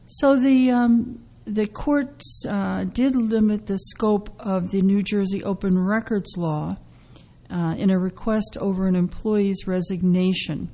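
A woman hosting a radio talk show about legal news, getting over a cough and speaking haltingly with many fillers. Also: medium pitch, steady tone, mellow, rough recording. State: recovering from a cough. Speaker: radio host.

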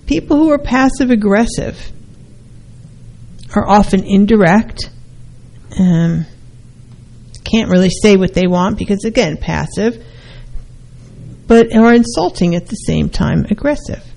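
A woman's voice: mid-range voice, expressive, measured pace, gravelly, pauses often, mellow, rough recording. A middle-aged woman, a counselor, hosting a talk show and explaining behaviors, now and then acting out short quoted exchanges.

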